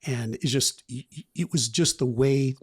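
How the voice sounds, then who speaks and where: Speaking at a moderate pace, a man in his fifties with a medium-pitched, slightly rough voice tells stories about his past as a podcast guest. It's a candid, rambling interview, and he animatedly acts out the voices of the people he describes.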